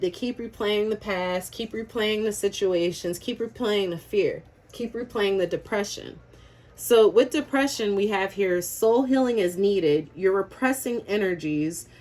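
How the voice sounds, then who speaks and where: A woman's voice: medium pitch, a little mellow. Woman, tarot reader, casual chat to camera, spiritual talk, laughs a lot, swears freely.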